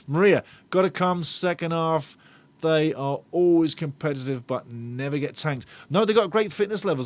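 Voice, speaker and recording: Middle-aged guy running a football watch-along stream, reads out chat, jokey and sarcastic, slightly high voice. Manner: chatty, reads out viewer comments, banters. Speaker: fan channel host of a match watch-along. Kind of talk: live-stream chat and match talk.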